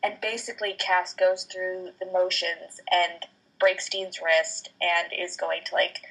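A woman's voice: lowish voice, little pitch movement, unhurried, gravelly, fairly bright tone, husky, low-quality recording. A woman in casual podcast chat, earnestly retelling a TV scene with lots of fillers. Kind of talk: casual chat recapping a TV show.

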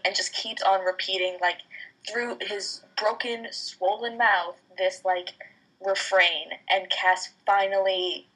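A woman's voice: mid-range voice, steady tone, measured pace, bright, forceful tone, rough recording. A woman in casual podcast chat, earnestly retelling a TV scene with lots of fillers. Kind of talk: casual chat recapping a TV show.

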